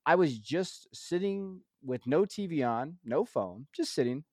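A man's voice: on the high side, lively intonation, unhurried, a little mellow, dry recording, studio quality. Stressed man in his thirties venting. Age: 30s. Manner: weary, venting, heavy on fillers. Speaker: podcast co-host. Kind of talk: casual chat.

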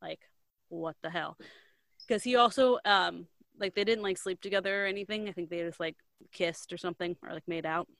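A woman in casual chat, retelling a story in a rambling, animated way, filling every pause with "like". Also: lowish voice, vocal fry, no echo. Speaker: co-host recapping a book.

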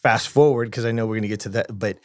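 A man's voice: fairly low pitch, quick pace, dry recording, studio quality. Earnest man telling a story. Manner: earnest, animated storyteller with frequent restarts. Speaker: podcast guest. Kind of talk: casual storytelling interview.

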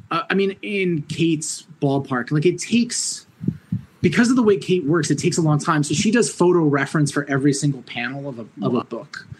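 A man from Orange County, New York, a comic writer chatting casually, animated, laughing often and swearing freely. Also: on the high side, slight background noise, rough recording. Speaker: comic book writer guest. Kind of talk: casual podcast conversation.

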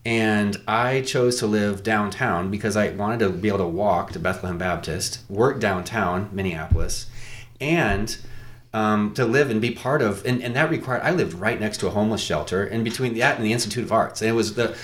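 Lower-voiced man from Iowa, earnest podcast guest, rambling, self-correcting storyteller. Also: moderate pace, a little hiss or hum. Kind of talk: conversational debate.

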